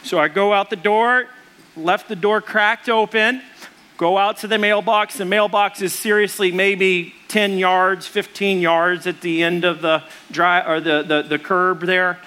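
Bright, high-voiced male preacher. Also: smooth. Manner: animated, acts out the voices in his story; conversational, with fillers and restarts. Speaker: pastor. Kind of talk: storytelling sermon.

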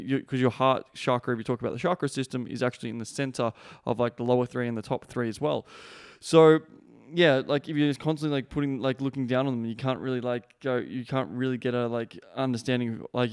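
A man's voice: medium pitch, clean tone. A young man hosting a podcast, telling a story in a casual, blunt way, swearing freely and dropping lots of "like" and "man". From Australia. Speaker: podcast host.

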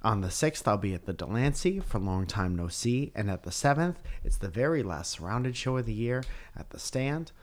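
A man's voice: fairly low pitch, lively intonation, normal speed, few pauses. A man in his thirties, a podcast co-host, chatting casually and joking playfully. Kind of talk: casual chat.

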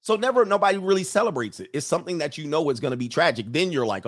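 A man's voice: on the high side, expressive, very fast, few pauses. Mocking, profane man in a comic rant. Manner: reads out viewer comments. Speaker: live show host. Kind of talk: casual comedic monologue.

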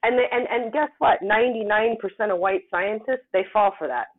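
An animated woman from the United States talks about her work with emphatic, storytelling energy. Her voice comes through a tinny, phone-like line, thin and narrow. She sits at a steady middle pitch. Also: fairly quick. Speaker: guest scientist. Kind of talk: casual interview talk.

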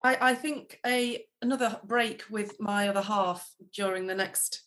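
A woman's voice: medium pitch, a little slow, a loud crowd. Female co-host, enthusiastic casual chat with fillers. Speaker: podcast co-host.

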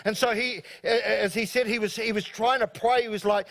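A man with a New Zealand accent delivers a sermon to his congregation. His voice sits high, and he talks in an animated, joking way, slipping into quoted voices to make his points. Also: normal speed, few pauses. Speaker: pastor. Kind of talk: live sermon. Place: church service before a congregation.

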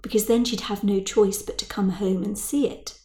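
A woman's voice: mid-range voice, fairly even intonation, normal speed, mellow, natural voice. A woman voicing a self-pitying, snobbish middle-aged mother who grumbles in a plaintive voice. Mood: complaining.

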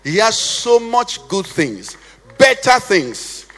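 A man preaching and leading prayer in church, with a passionate sing-song delivery that rises to shouts and falls to a hush. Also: high voice, very animated, slow pace. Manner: impassioned, sing-song cadence, swells to shouts then drops to hushed prayer. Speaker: pastor. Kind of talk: sermon and led prayer. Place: church sanctuary. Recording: reverberant church hall with faint music.

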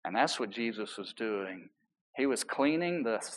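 A man preaching a sermon as pastor, emphatic and building, with relaxed conversational asides to the congregation. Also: lowish voice, unhurried.

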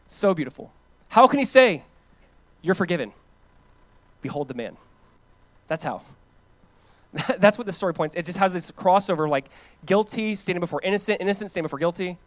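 Animated man preaching, dry close sound. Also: sits high, fairly quick, dry recording. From United States. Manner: animated preaching, swings from loud emphatic to hushed and soft; conversational, repeats phrases for emphasis. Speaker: pastor. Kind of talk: sermon.

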